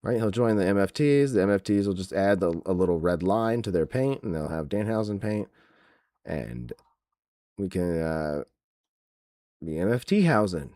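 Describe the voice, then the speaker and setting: A man's voice: low voice, animated, moderate pace, mellow, no echo, clean studio sound. A man hosting a wrestling podcast, ranting sarcastically in casual chat with many fillers. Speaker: podcast host.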